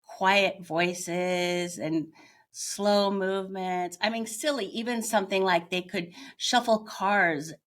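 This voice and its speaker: A woman's voice: mid-range voice, steady tone, slow pace. An older woman, a retired teacher now teaching yoga, candidly telling her own story as an interview guest and searching for her words as she goes. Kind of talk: reflective personal storytelling.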